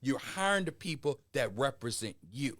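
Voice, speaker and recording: A man's voice: mid-range voice, animated, moderate pace, fairly bright tone. A man with a Southern US accent, a political commentator in a casual panel chat, folksy and playful with a preacher-like cadence.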